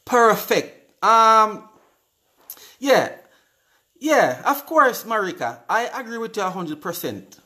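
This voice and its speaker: A man's voice: high voice, big pitch swings, slow, pauses often, pushed and bright. Chatty Jamaican man hosting a live show. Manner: upbeat, chatty, repeats words, answers comments aloud. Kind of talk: casual live-stream chat, reading viewer comments.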